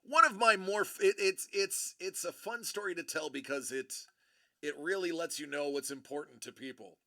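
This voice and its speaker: A man spins a loose, chatty story for his livestream audience, doubling back and correcting himself as he talks. His voice sits a little high and has a bright, forceful edge, with a gravelly rasp underneath. He talks into a streaming microphone. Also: moderate pace. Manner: rambling, chatty, self-correcting. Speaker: livestream host.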